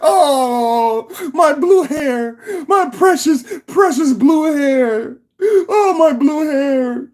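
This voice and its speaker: Guy putting on a high squealy crying girl, wailing and drawn out. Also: sharp tone, exaggerated voice. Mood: sobbing. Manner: wailing, drawn-out sobbing delivery. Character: sobbing melodramatic young woman, wailing self-pity.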